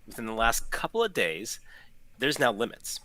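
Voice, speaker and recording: A man's voice: medium pitch, wildly swooping pitch, moderate pace, sharp tone, no room sound. A man co-hosting a casual podcast who explains in a chatty way, with restarts. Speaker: podcast co-host. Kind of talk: casual chat.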